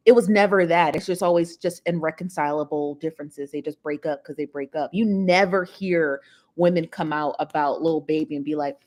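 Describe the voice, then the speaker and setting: A woman's voice: fairly low pitch, fast talker. A woman hosting a casual celebrity gossip livestream, chatty and laughing often as she talks straight to her viewers. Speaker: livestream host.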